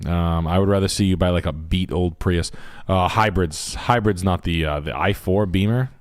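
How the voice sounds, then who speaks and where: A man's voice: low-pitched, moderate pace, dry recording, clean studio sound. A man hosting a livestream, giving blunt, crude advice and swearing freely in casual chat. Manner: crude, joking, swears a lot. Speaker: host.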